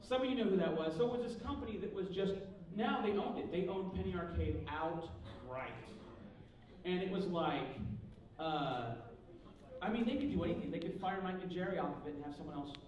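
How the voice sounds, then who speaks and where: High-voiced man storytelling in an echoey hall. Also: fairly quick, lo-fi sound. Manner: animated, acts out dialogue, swears freely. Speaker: panel guest speaker. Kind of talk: comic storytelling on stage. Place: large convention panel hall with live audience. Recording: echoey hall from far off, audience noise.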